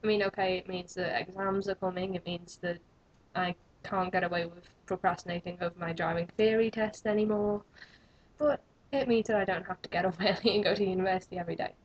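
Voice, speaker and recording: A woman's voice: lowish voice, fairly even intonation, fairly quick. A young woman, chatting to camera in a rambling, self-mocking vlog. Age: young adult. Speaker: vlogger. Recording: dull lo-fi webcam audio.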